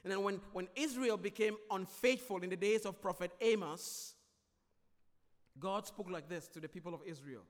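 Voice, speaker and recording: A man preaching a sermon as pastor, emphatic and repetitive, swinging between loud declarations and quieter explanation. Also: sits high, moderate pace. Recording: long hall reverb.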